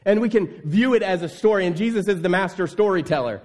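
A man's voice: high voice, quick pace, darkish tone. A man preaching a sermon in an earnest, emphatic way, repeating key phrases. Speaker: pastor. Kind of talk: sermon with scripture reading.

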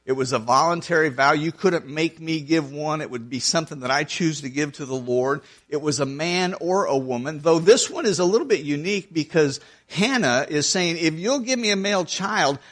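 A man's voice: fairly high pitch, a bit bright. Earnest man preaching through scripture. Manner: earnest, conversational, with repeated restarts. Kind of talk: sermon, reading and explaining scripture.

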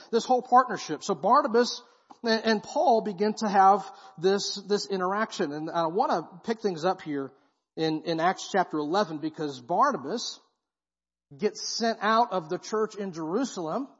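Male guest preacher, husky and high-pitched, casual slangy delivery, church hall echo on a muffled recording. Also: lively intonation, moderate pace. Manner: casual, slangy preaching with frequent "right?" asides. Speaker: guest pastor. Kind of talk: sermon. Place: church sanctuary. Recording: dull, muffled sound with long hall reverb.

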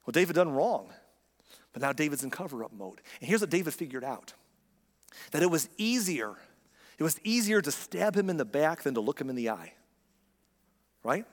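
A man's voice: on the high side, big pitch swings, moderate pace, long pauses, in a large hall. A man preaching a sermon in a conversational, emphatic way, full of rhetorical questions. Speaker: pastor.

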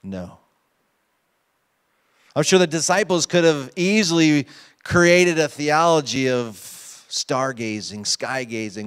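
A man's voice: a little high, a little slow, smooth. A pastor preaching a sermon to his congregation, emphatic and often asking them questions. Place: church sanctuary.

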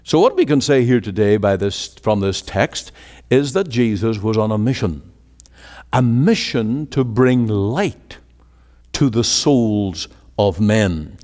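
A man's voice: lowish voice, animated, takes it slowly, darkish tone. A man preaching a sermon with an emphatic, rising and falling cadence. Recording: long hall reverb.

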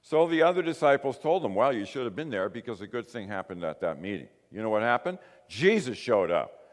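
A man preaching a sermon, telling the story in a lively way and acting out the quoted lines. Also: medium pitch, brisk. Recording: long hall reverb.

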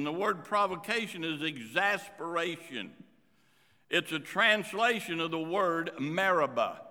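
A man preaching a sermon as pastor, swinging between loud emphasis and quiet asides. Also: on the high side. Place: church sanctuary. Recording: reverberant church hall.

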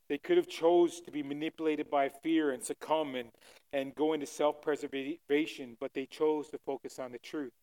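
A man preaching a sermon, retelling a scripture story, swinging from loud fervor to soft, pleading lines. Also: on the high side, smooth.

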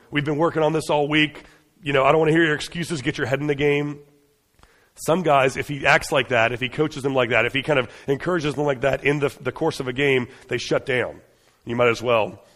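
A man delivers a sermon in an earnest, conversational manner, his voice sitting at an ordinary middle pitch. He talks it through loosely, doubling back on his words. His voice rings out with the long reverb of a large hall. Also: fairly bright tone. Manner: conversational and earnest, with frequent restarts and fillers. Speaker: preacher.

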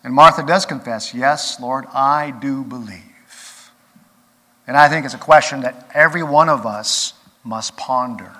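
A man preaching a sermon as pastor, earnest, rising to emphatic peaks and then dropping quiet. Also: mid-range voice, normal speed. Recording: long reverb of a large hall.

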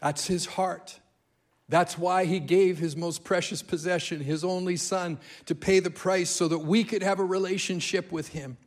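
A man preaching a sermon as a guest speaker, telling stories in an animated way and repeating key phrases for emphasis. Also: high-pitched, moderate pace. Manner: animated storytelling, emphatic repetition.

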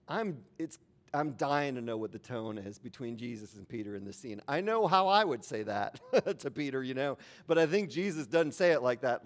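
A man's voice: medium pitch, very animated, normal speed. Conversational male pastor preaching. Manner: conversational, informal preaching with asides to the congregation. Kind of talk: sermon.

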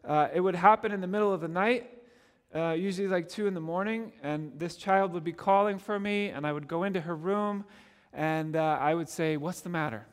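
A middle-aged male pastor from Canada, his voice notably high for a man, delivers a fairly quick sermon in a clean tone, earnest and conversational with touches of gentle humor. The church sanctuary gives the sound a long reverb.

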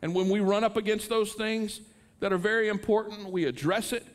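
A man's voice: high voice, a little fast. A middle-aged male pastor preaching a sermon in an earnest manner, rising into impassioned pleas.

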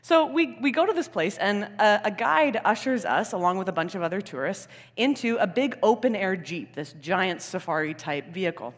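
Animated woman pastor in a reverberant church. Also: mid-range voice. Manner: animated storyteller, chuckles and asides. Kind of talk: sermon with a personal story. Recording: long hall reverb in church.

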